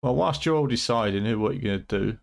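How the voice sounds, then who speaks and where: A man with a British accent hosts a late-night game stream from home, bantering with his chat and swearing freely. His voice sounds tired and worn from the long night, sitting at an ordinary middle pitch. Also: quick pace, gravelly. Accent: British English. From United Kingdom. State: tired, voice going.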